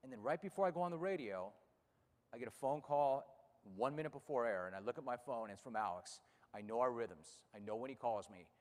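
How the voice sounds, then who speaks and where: A man in his fifties speaking emotionally to an audience about losing his racehorse, halting and repeating words when upset. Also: medium pitch, animated, big-room sound. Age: 50s. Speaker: racehorse owner and radio host. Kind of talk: emotional personal speech to an audience. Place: room with a live audience.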